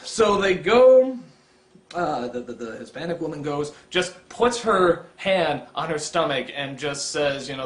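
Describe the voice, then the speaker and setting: An exasperated man rants through a comedic film review, swearing often. His pitch swoops widely from low mutters up to shouts. The sound has a roomy echo. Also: big pitch swings, moderate pace. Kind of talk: ranting comedic movie review.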